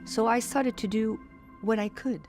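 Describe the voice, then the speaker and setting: A woman's voice: a little high, fairly even intonation, a little slow, darkish tone, soft background music. A woman in her fifties, a native French speaker, answering in a sit-down interview as a singer, earnest and reflective, repeating phrases for emphasis. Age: 50s.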